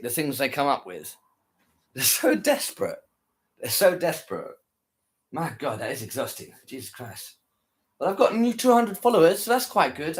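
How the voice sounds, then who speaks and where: A tired man chatting casually to his viewers after a live stream, rambling, repeating himself and trailing off. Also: mid-range voice. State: tired, worn out.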